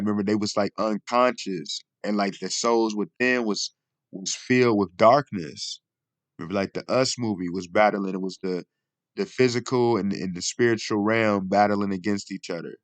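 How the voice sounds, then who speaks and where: A man's voice: on the low side, fairly bright tone, dry recording. A man hosting a casual commentary vlog, talking in a rambling way and often asking "you know what I mean". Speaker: video host.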